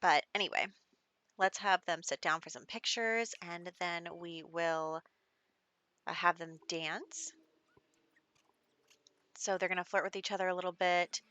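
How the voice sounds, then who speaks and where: A woman's voice: on the low side, fairly even intonation, unhurried, long pauses, pushed and bright, no echo, lo-fi sound. A woman casually narrating her life-sim game, chatty and storytelling, with lots of filler words. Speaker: gameplay narrator. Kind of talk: casual let's-play narration.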